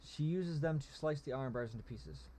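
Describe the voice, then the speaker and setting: A man's voice: a little high, fairly quick, warm tone, slight background noise. A man reading a text adventure aloud in a casual manner, with occasional asides. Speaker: reader of a story game.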